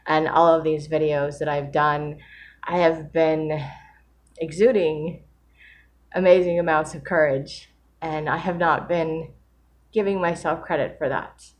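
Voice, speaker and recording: Low-voiced woman reflecting candidly. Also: steady tone, a little slow. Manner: candid and earnest, with soft laughs and fillers; speaks of faith and gratitude. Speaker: vlogger sharing a daily writing video. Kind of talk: reflective personal vlog.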